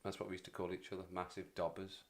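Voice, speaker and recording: A man's voice: low-pitched, completely flat delivery, fast. Rambling, chatty man. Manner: rambling, chatty, self-deprecating. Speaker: livestream host. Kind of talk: casual livestream chat.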